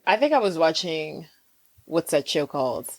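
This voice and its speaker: A woman chatting casually on a podcast, telling stories in an animated, exclaiming way. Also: low-pitched, moderate pace. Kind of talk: casual chat.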